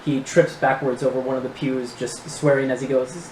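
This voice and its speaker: A woman narrating as game master of a tabletop game, relaxed and hesitant with fillers. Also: rumbling low, moderate pace, few pauses. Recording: roomy echo, faint hiss.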